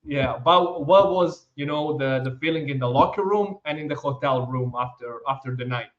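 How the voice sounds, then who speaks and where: Interview host guy, kinda high voice, halting questions, muffled lo-fi audio. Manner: halting, repeats words, non-native phrasing.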